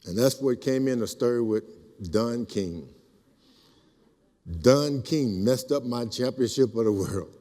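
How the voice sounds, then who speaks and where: An older man telling animated stories at a speaking event, acting out the voices in his quotes. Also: medium pitch, unhurried, pauses often. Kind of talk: storytelling speech. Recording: reverberant hall.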